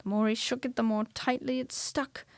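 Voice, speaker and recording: A woman reading a children's storybook aloud, expressive and dropping to hushed whispers at tense moments. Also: a little high, moderate pace, dry recording.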